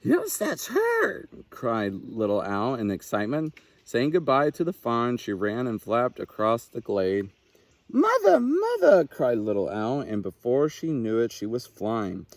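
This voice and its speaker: A man, a naturalist, reading a children's picture book aloud with expressive, unhurried storytelling. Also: lowish voice, no room sound.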